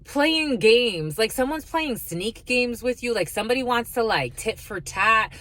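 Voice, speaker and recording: A woman's voice: fairly high pitch, lively intonation, a little slow, a bit bright. A woman giving a casual spiritual reading, blunt and profane, laughing often and calling listeners her lovies. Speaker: spiritual reader.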